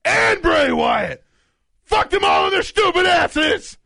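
A man voicing an overexcited male listener who shouts a profane email aloud. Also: very high voice, very animated, slow, vocal fry, no room sound, clean studio sound, pitched above the performer's own voice, full character voice. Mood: hyped.

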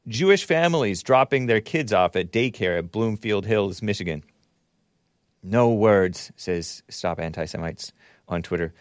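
A man's voice: lowish voice, lively intonation, normal speed, no room sound, studio quality. A man hosting a talk show, giving casual commentary on news clips with wry, chuckling asides. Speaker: show host.

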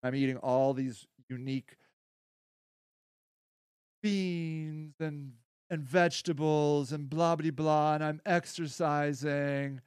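A man hosting a podcast in a casual monologue, rambling and blunt, often profane, going from quiet asides to heated stretches. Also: fairly high pitch, steady tone, slow, pauses often, clean tone, dry recording, studio quality. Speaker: podcast host.

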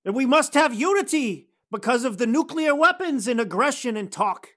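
A man putting on a mocking impression of a foreign-accented male leader, speaking in halting, broken phrases. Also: very high-pitched, lively intonation, pushed and bright, pitched above the performer's own voice, exaggerated voice.

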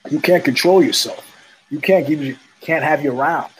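A man's voice: on the high side, normal speed, slight background noise, poor audio. A man hosting his own show, telling stories in a blunt, profane, casual monologue and repeating phrases for emphasis. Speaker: podcast host.

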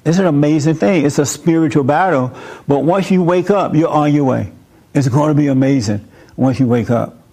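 Male preacher and show host, a bit high-pitched, blunt and emphatic in the pulpit. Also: normal speed, mellow. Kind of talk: sermon. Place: room with a live audience.

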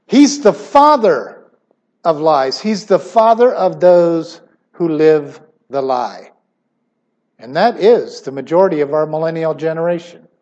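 A middle-aged man preaching a sermon emphatically, his voice swinging suddenly between loud stressed words and quiet asides. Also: on the high side, animated, a little slow, lo-fi sound.

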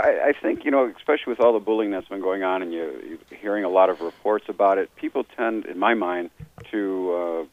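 A man's voice: deep voice, no room sound. Man explaining on a tinny phone line. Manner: earnest, explanatory, restarts phrases. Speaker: author and therapist guest. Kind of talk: conversational interview talk.

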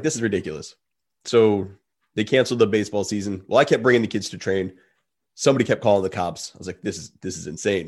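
A man hosting a podcast, telling stories in a loose, rambling way full of fillers. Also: fairly low pitch. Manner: rambling storytelling with many fillers. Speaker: podcast host. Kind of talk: casual interview talk.

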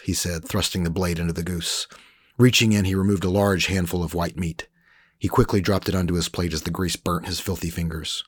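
A man with a low, husky voice narrating a scripted story. He reads in a measured, even way. The recording is dry and close, with no room sound. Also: no echo.

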